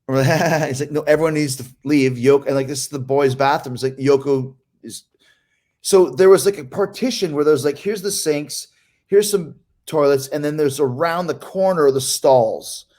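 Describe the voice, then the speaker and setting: A man casually telling a story among friends on a podcast, animated and profane, laughing often and imitating the people he talks about. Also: fairly high pitch, moderate pace. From Canada.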